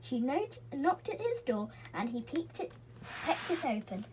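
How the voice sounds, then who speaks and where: A woman reading a children's book aloud in a gentle, expressive way, with small slips and restarts. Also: high voice, unhurried, noisy background. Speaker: reader.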